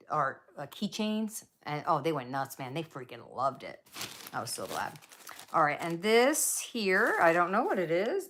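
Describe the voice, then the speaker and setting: A woman's voice: low-pitched, fairly bright tone, slight background noise. A middle-aged woman in her home craft room, rambling casually through a craft haul vlog with lots of fillers and side stories. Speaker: craft vlogger.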